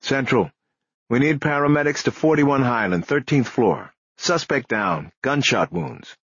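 A man's voice: medium pitch, animated, unhurried, fairly bright tone, breathy edge, dry recording, dull audio, voice pushed up, heavily acted. A man voicing a male uniformed cop calling in over a radio in a clipped, matter-of-fact way, in an audiobook. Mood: urgent.

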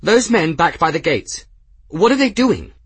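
A man voicing a quick, sharp young female airship engineer who speaks in an urgent, raised manner. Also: on the high side, wildly swooping pitch, slightly rough, voice pushed up, full character voice.

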